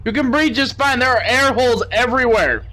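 A man's voice: very high-pitched, a little fast, sharp tone. A young man playing a game and commenting with crude, joking banter, talking to the characters on screen. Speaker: gaming channel host.

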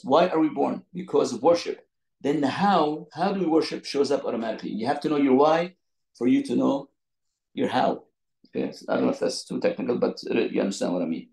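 A man teaching an online Quran lesson over a video call from his phone, explaining with lots of repetition and quick restarts. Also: mid-range voice, expressive, gravelly, darkish tone, echoey room, rough recording. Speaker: Islamic teacher.

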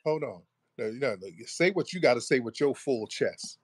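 A man hosting a live online audio room, taunting and talking down to a caller with slow, deliberate jabs. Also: medium pitch, lively intonation, slightly rough, no room sound. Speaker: host. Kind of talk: confrontational live audio chat.

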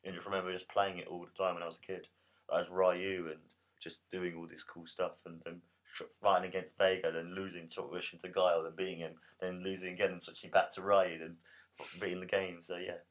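A young man co-hosting a casual chat. He talks in a relaxed, rambling way and sometimes stumbles over his words. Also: sits low. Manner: relaxed, rambling, slightly halting. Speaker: podcast co-host.

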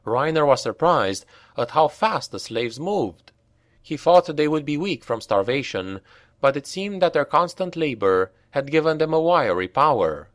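A man narrating an audiobook in a measured, expressive way. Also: a little high, no echo, clean studio sound.

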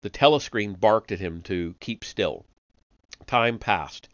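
A man reading a novel aloud live, measured, with occasional slips and self-corrections. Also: fairly low pitch, expressive, no room sound, dull audio. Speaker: reader of an online book series.

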